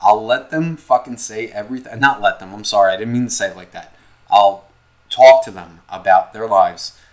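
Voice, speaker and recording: Podcast co-host, male, lowish voice, swears constantly, rambles with energy. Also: normal speed, poor audio. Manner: profane, rambling, animated storytelling. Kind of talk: casual chat.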